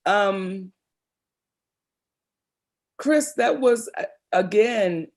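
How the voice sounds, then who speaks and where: A comedian and actress in middle age, hailing from Baltimore, Maryland, spins animated stories during an interview and addresses people as "baby." Her mid-range voice moves very slowly.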